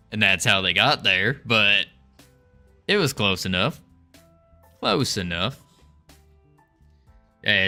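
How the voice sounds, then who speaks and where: A man's voice: fairly low pitch, pushed and bright. A man on a casual livestream, rambling and thinking aloud with small restarts while he works on code. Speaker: game developer streaming.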